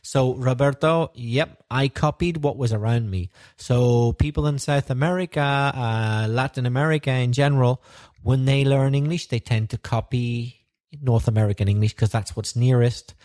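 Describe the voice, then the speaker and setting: Relaxed, thoughtful male podcast co-host. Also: mid-range voice, moderate pace. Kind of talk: conversational podcast chat.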